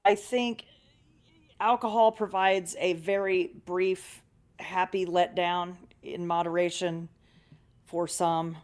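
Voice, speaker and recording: A woman co-hosting a radio show, chatty and quick to laugh, talking into a studio mic. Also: fairly low pitch, fairly even intonation, a little mellow. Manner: chatty, laughs easily, defensive when teased. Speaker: radio co-host. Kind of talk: casual radio banter.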